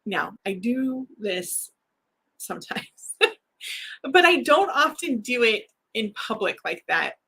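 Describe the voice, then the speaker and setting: A woman with a bright, sharp tone and a husky, breathy edge talks candidly to her livestream audience. She tells a personal story openly and with feeling, often breaking into laughter. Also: fairly high pitch, sing-song, slow pace. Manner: frank and emotional, laughs often. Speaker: writer hosting a livestream.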